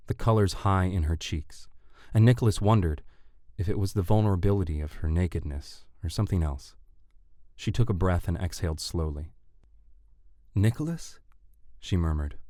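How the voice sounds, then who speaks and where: Man, deep low voice, measured dramatic audiobook narration, dry close sound. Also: warm tone, no room sound.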